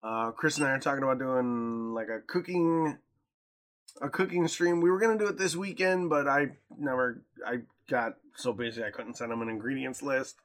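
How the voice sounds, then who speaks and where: A man co-hosting a casual podcast. He talks in an animated way and jumps high in pitch when he jokes and mimics people. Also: moderate pace. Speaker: podcast co-host.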